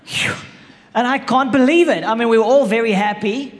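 A man's voice: very high voice, moderate pace. A man telling a humorous, self-mocking story about his marriage to an audience. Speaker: speaker sharing a marriage story. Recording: echoey hall.

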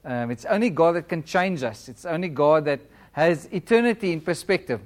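A man in his thirties preaches in church, his voice sitting a little higher than most men's. He speaks with a flat-sounding accent and keeps a conversational tone, asking the congregation questions and chuckling as he goes. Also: moderate pace. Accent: non-British English, self-described flat. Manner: warm, conversational preaching with laughs and audience questions. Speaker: guest preacher. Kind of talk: sermon and prayer.

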